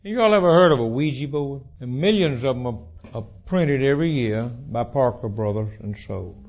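A man preaching a sermon, telling stories in a folksy, animated way. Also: mid-range voice, normal speed, highs cut off. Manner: folksy, animated storytelling with restarts.

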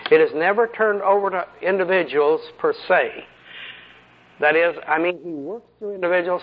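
A man's voice: a little high, slight background noise. A man preaching a sermon in a folksy, conversational way, asking his listeners rhetorical questions, on a muffled lo-fi recording.

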